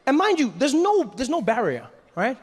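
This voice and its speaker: A man doing stand-up comedy, telling a story with animated asides and acting out the characters he meets. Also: very high-pitched, moderate pace, slightly rough.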